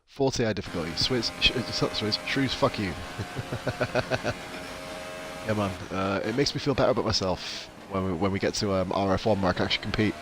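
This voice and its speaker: A man's voice: on the low side, normal speed, heavy background noise. A man streaming a racing game, chatting with viewers in profane, jokey banter. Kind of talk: casual live-stream commentary.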